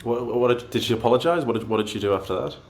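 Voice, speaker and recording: A man's voice: medium pitch, racing, soft background music. A man hosting an interview, asking questions hesitantly, repeating words. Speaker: interview host.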